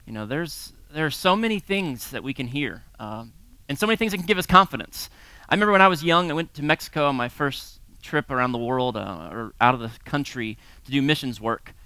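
A bright, crisp male voice, fairly high for a man, captured in a dry, close setting with no room echo. He preaches in a lively storytelling way, chuckling and acting out the people in his anecdotes. He sounds like an American man in his thirties or forties. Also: brisk. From United States. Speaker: pastor teaching a series. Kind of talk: sermon-style talk with personal stories.

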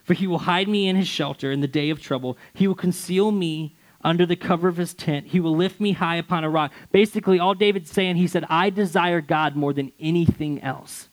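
A young male pastor delivers a sermon in a voice that sits a little high. He reads scripture passages aloud, then explains them in an easy, conversational way, sometimes restarting a phrase. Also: fairly quick, few pauses, poor audio.

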